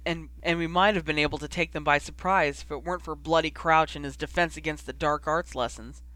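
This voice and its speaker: A man's voice: fairly high pitch, steady tone, a little fast, pushed and bright, no room sound. A man reading a fan fiction story aloud as an audiobook, narrating and voicing the dialogue lightly. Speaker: audiobook reader.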